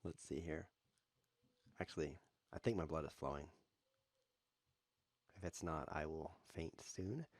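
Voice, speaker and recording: A man streaming online chess, talking in a playful, rambling way with deadpan jokes as he plays. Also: a bass voice, unhurried, long pauses, no room sound. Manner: jokey, rambling deadpan asides. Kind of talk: playful live commentary while playing.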